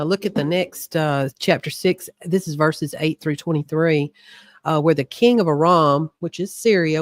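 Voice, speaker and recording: A woman's voice: low-pitched, no room sound. Dry-voiced woman reading scripture. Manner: chatty asides and laughs between read passages. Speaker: co-host of a Bible study show. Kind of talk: Bible study discussion, reading scripture aloud.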